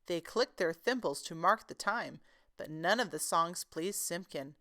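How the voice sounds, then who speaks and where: A woman reading a classic children's story aloud in a gentle, expressive storytelling manner. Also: on the low side, a little slow. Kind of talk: children's book read-aloud.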